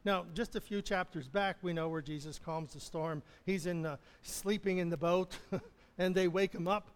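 A man with a notably high voice delivers a conversational sermon, chuckling and restarting his phrases as he goes. His voice rings out in a church sanctuary with long reverb. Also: moderate pace. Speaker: pastor.

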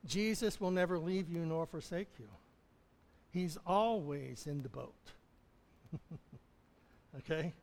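A man with a notably high voice delivers a conversational sermon, chuckling and restarting his phrases as he goes. His voice rings out in a church sanctuary with long reverb. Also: slow, vocal fry, long pauses, darkish tone. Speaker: pastor.

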